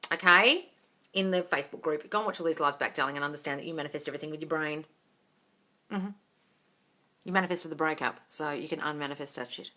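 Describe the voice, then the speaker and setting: A woman's voice: mid-range voice, sharp tone. A woman answering viewer questions on a live stream as a manifesting coach, blunt and sweary, calling viewers darling. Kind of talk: livestream Q&A.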